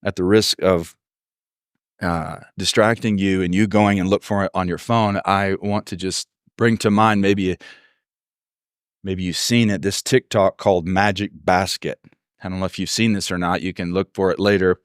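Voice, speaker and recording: The voice is low, steady, clear, and resonant, at a moderate pace, with clean studio sound and no room noise. It's a pastor from Texas preaching a sermon, telling stories and acting out the voices of people he quotes.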